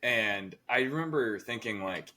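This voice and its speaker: A man's voice: medium pitch, animated, unhurried, sharp tone. A young adult man co-hosting a podcast, rambling through a story in casual chat with lots of fillers. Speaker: podcast co-host.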